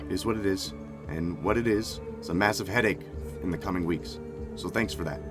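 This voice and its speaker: A man voicing a pompous wealthy middle-aged lord and father, smooth and condescending in a low-pitched voice. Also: fairly quick, music in the background, natural voice. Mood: smug.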